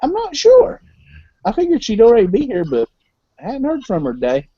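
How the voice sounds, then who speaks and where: A man's voice: very high voice, wildly swooping pitch, fairly quick, breathy edge, dry recording. A man hosting a casual live-stream chat, joking and teasing his guests. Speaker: host. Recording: dull lo-fi stream audio.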